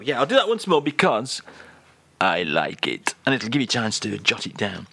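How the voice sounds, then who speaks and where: A man's voice: medium pitch, lively intonation, normal speed, bright, forceful tone, breathy edge, no echo. Jokey, teasing radio presenter man. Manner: jokey, teasing, mock-exasperated. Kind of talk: comic radio chat.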